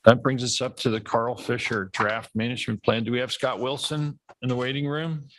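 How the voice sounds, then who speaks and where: A man's voice: mid-range voice, fairly even intonation, fairly quick, slight background noise, low-quality recording. A man chairing a town board meeting, speaking hesitantly with fillers and restarts.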